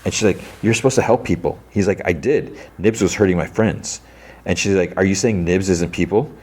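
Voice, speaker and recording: A man hosting a podcast, casually retelling a TV episode in a rambling way with lots of filler words and quick imitations of the characters. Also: deep voice, darkish tone. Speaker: podcast host.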